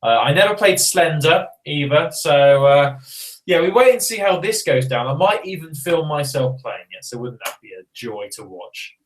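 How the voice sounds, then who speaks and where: A chatty man co-hosting a podcast, rambling from one joke to the next. His voice sits a little high and swings widely up and down as he talks. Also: sing-song, normal speed, rough recording. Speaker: podcast co-host. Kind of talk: casual podcast chat.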